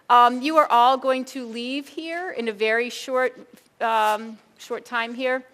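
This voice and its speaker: Middle-aged female keynote speaker, animated, talks straight to a room of educators. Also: a little high. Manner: animated, addresses audience as folks, acts out quoted thoughts. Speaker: school behavior consultant and keynote speaker.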